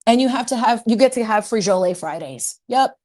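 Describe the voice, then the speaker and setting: A woman's voice: a little high, lively intonation, fairly quick, a little mellow. Sassy playful woman streamer. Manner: playful and sassy, laughs often, drops Spanish words. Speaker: livestream host. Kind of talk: casual livestream chat.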